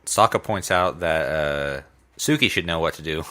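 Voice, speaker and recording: A man's voice: extremely low pitch, normal speed, sharp tone. A young man co-hosting a podcast, retelling the plot in an easygoing, filler-heavy way. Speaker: podcast co-host. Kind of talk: casual recap chat.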